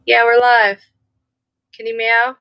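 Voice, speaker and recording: A woman's voice: on the high side, completely flat delivery, takes it slowly, pushed and bright, clean tone, no echo, low-quality recording. A woman giving a casual live tarot reading, rambling and easily sidetracked. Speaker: tarot reader.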